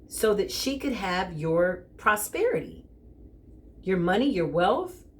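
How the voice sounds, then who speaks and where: A woman with a mid-pitched voice does a tarot reading in a loose, conversational way. She talks straight to the listener, keeps saying "listen" and "okay", and drifts between earnest reading and playful joking. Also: slow pace. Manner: animated and joking, with bursts of laughter. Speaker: tarot reader.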